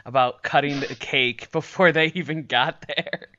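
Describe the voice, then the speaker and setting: A man's voice: a little high, fairly even intonation, measured pace, pushed and bright. A man co-hosting a podcast in casual chat, long-winded and full of fillers. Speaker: podcast co-host. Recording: dull lo-fi podcast recording.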